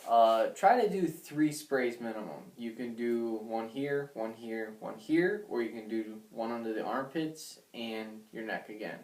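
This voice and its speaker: A young man explains dating advice in a measured way, pausing often on ums and uhs. His voice has an ordinary middle pitch and rings in a roomy space. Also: darkish tone. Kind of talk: casual advice talk. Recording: echoey room.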